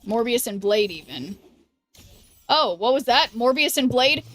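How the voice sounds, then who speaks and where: A woman streaming a card game, thinking aloud in halting restarts and chatting with her viewers. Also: fairly high pitch, expressive, fairly bright tone, a little hiss or hum. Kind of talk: casual live-stream commentary.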